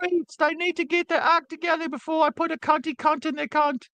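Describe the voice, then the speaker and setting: A man doing a shrill, posh British lady. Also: steady tone, a little fast, gravelly, bright, forceful tone, full character voice. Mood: mock-posh. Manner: exaggerated comic falsetto, mock-British. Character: prim posh British woman, crude and outrageous.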